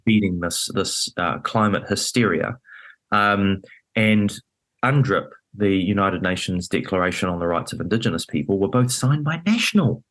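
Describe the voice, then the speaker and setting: A man's voice: low-pitched, expressive, moderate pace, fairly bright tone. A man talking politics as a podcast guest, emphatic and indignant, with many fillers. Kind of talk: animated political chat. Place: podcast studio.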